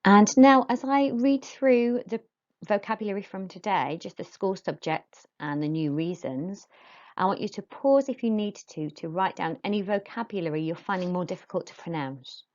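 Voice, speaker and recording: A woman teaching a French pronunciation lesson to pupils, modelling words slowly for them to repeat. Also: mid-range voice, lo-fi sound.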